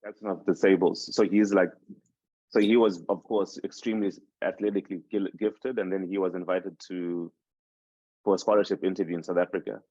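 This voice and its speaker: Reflecting on his life, a Zimbabwean man in his twenties whose first language is Shona rambles and restarts his sentences as a guest on a casual podcast, though he's a host himself. He has a low, mellow voice with fairly even intonation and a slightly quick pace. The dull, dry recording carries no room sound.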